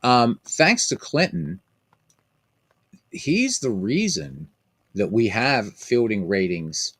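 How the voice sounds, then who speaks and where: A man's voice: mid-range voice, big pitch swings, slow, creaky, a bit bright, dry recording. A man hosting a stream of a baseball simulation game, chatting casually with viewers in a rambling way full of fillers and restarts.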